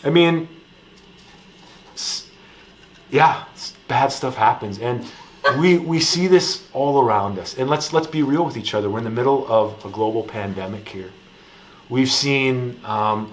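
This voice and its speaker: Relaxed Midwestern man giving a sermon. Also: medium pitch, moderate pace, a little hiss or hum. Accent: Upper Midwest American. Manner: relaxed storytelling, lively when telling anecdotes. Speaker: campus ministry pastor.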